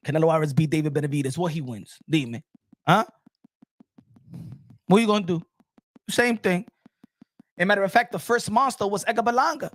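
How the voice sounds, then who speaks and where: A high-pitched man in an animated boxing commentary, excitable and repetitive. He slips Spanish phrases into his talk. The sound is dry and close to the mic. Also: a little fast, pauses often, no echo. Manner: excitable, repeats himself, mixes in Spanish phrases.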